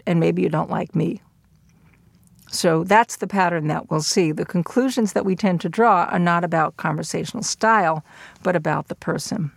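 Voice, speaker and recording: A middle-aged woman giving a lecture in a measured, explanatory way. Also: lowish voice, gravelly, no room sound. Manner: measured, explanatory delivery with occasional fillers. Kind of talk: recorded lecture.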